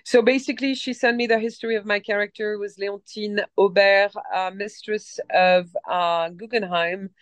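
A woman in her forties with a light French accent, telling her story as a guest in a casual interview, animated and rambling, with many restarts. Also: medium pitch, moderate pace, hardly any pauses, no echo. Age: 40s. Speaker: actress guest.

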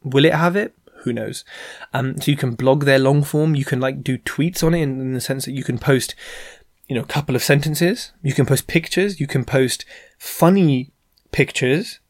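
A man's voice: mid-range voice, moderate pace, dry recording, studio quality. A man hosting a show, giving casual advice in a chatty way with plenty of fillers and asides. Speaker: podcast host giving business advice.

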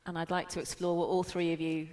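A woman hosting a live panel event, putting clear questions to the guests. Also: on the low side, flat delivery, quick pace, darkish tone. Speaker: host.

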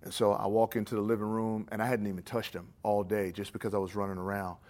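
A man's voice: fairly low pitch, little pitch movement, quick pace. Man preaching in a chatty storytelling way. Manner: conversational storytelling, then hushed prayer. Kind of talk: sermon ending in prayer.

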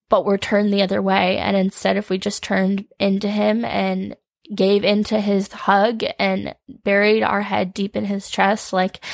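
Tearful woman, flat and gravelly. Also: mid-range voice, no echo. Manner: earnest, scripture-quoting, vulnerable. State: holding back tears. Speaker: podcast host. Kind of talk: unscripted devotional talk.

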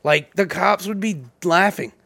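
A man's voice: high voice, unhurried, gravelly, sharp tone. A man co-hosting a podcast, joking and laughing through casual banter. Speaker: podcast co-host.

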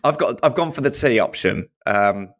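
A man's voice: medium pitch, lively intonation, moderate pace, noisy background. A man, a comedian guest chatting casually in a friendly, slightly apologetic way. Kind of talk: casual chat.

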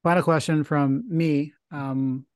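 Man, podcast host, slightly higher voice, relaxed chat, dry sound. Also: slow, clear, resonant tone, no echo. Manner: easygoing, short affirmations, laughs along.

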